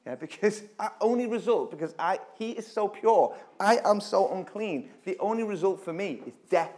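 A man giving an informal Bible teaching in a church, chatting conversationally, then reading scripture slowly and dramatically with sudden loud emphatic bursts. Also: high voice, expressive. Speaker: preacher.

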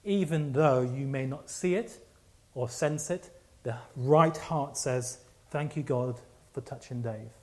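A man's voice: mid-range voice, takes it slowly, few pauses, darkish tone. A man preaching a sermon, telling a personal story with many restarts and repeats.

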